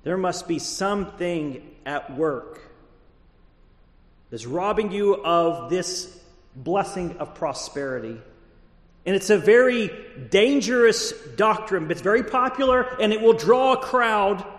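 Guy pastor preaching sunday sermon, pretty high voice, big echoey church sound. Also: lively intonation. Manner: measured preaching, drawing out key words. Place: church sanctuary.

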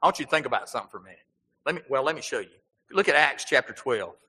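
Male pastor, bright forceful tone, preaching with rhetorical questions, big hall reverb. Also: mid-range voice, expressive, racing, breathy edge. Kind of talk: sermon.

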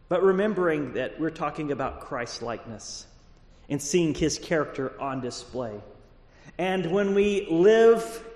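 A man preaching a sermon as pastor of a church, measured and deliberate, drawing out key words. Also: high-pitched, echoey room, long reverb tail. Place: church sanctuary.

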